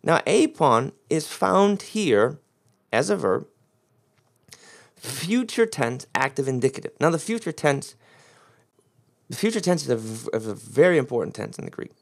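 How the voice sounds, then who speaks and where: A man preaching a sermon, explaining the Greek grammar of a Bible passage with strong emphasis. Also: fairly high pitch.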